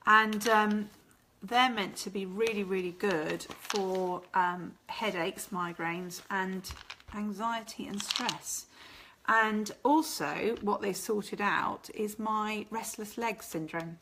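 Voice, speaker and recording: A woman's voice: mid-range voice, slow, sharp tone, slight background noise. A woman with a chatty, rambling manner, hosting a casual live stream and answering viewer comments. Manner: chatty and rambling, laughs often.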